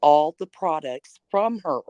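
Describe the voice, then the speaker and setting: Woman host from Kansas, slow talker, very lively pitch, lowish voice, dry sound. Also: dry recording, muffled recording. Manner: slow and lively, laughs easily. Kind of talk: casual chat.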